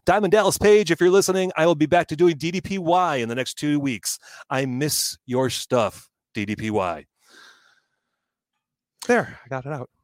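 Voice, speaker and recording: A man's voice: a little high, normal speed, dry recording. A middle-aged man telling a funny story in casual chat, acting out the other people's lines and swearing now and then. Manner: animated, acts out quoted voices, swears.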